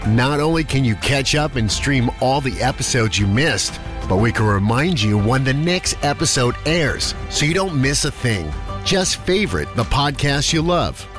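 A man's voice: mid-range voice, lively intonation, moderate pace, music in the background. A man reading a friendly, upbeat scripted app promo. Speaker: announcer.

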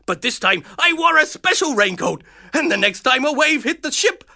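Jolly friendly pirate captain, kids' show, pirate accent, very bright tone, gravelly edge. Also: sits high, sing-song, normal speed, full character voice. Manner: boisterous, hearty, laughs often. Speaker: children's show character. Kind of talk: children's TV storytelling.

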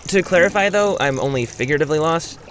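A man's voice: a little high, expressive, quick pace, fairly bright tone, a little hiss or hum. An actor playing an easygoing, wry man in a radio insurance ad. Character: easygoing adult man lost at work. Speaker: ad character.

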